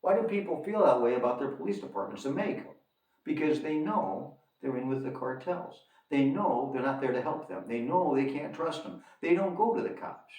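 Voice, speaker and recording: A man's voice: medium pitch, expressive, moderate pace, a little mellow. Emphatic man ranting in an echoey room. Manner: emphatic, repeats lines for effect, addresses viewers as folks. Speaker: commentator on his own channel. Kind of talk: storytelling rant to camera. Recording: echoey room, distant from mic.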